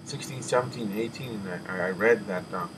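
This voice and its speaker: A man giving an emotional personal testimony, halting and restarting often, with sighs as he catches his breath. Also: on the low side. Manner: halting, with many restarts and repeated words. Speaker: person telling a spiritual testimony. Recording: audible background noise.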